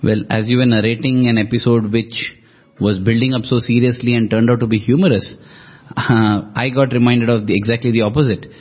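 A man's voice: medium pitch, fairly even intonation, brisk. A man, joining a conversation about devotional stories and recalling an episode of his own. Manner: attentive, responds with short affirmations. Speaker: co-host in a devotional talk. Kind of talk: conversational discussion. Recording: dull lo-fi audio.

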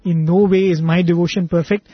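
A man voicing a devoted queen who pleads earnestly, in his own husky storytelling voice. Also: sits high, steady tone, brisk, dry recording. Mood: pleading. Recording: dull lo-fi recording, faint music.

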